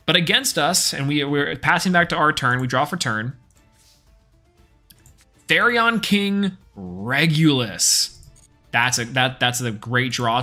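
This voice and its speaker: Bright-voiced man streaming a card game. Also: mid-range voice. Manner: casual, chatty play-by-play, thinking aloud. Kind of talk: live gameplay commentary.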